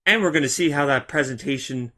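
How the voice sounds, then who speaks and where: A man's voice: medium pitch, fast talker, bright, forceful tone. A man casually commenting on a game as he streams it, chatty and self-deprecating. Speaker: gaming streamer. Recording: game music behind voice.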